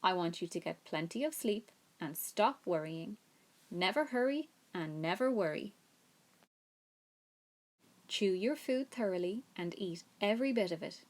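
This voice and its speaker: Lady doing a calm motherly lady spider, cool and reassuring, kinda brisk, storybook. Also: medium pitch, close to an everyday voice. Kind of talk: reading a storybook aloud.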